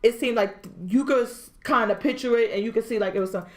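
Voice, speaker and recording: A woman co-hosting a casual podcast chat, animated and prone to squeaky impressions. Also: fast. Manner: animated, mimics people in high squeals. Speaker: podcast co-host.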